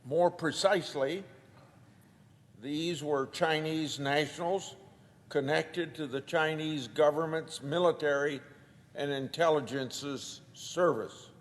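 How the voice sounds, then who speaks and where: Measured male senator with a slightly high voice, reading quotes into the record in a reverberant chamber. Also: steady tone. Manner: deliberate, reads out quoted documents. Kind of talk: formal floor speech.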